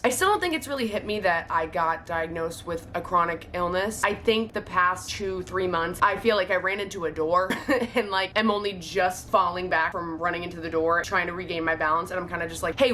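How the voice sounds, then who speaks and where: A woman's voice: lowish voice, bright, forceful tone, a little hiss or hum. Chatty young woman telling her story. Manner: chatty, dramatic, swears casually. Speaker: vlogger. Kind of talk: storytime voice-over.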